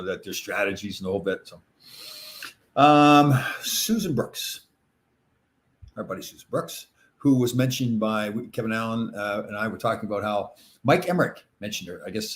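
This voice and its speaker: A middle-aged man hosting a podcast, chatting casually and answering listener questions, rambling with lots of fillers and laughing often. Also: medium pitch. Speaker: podcast host.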